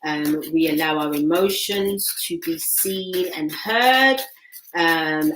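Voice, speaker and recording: A woman's voice: sits low, slow, fairly bright tone, echoey room, a little hiss or hum. A woman doing a casual tarot reading, chatty and repeating her phrases as she talks to herself. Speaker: tarot reader.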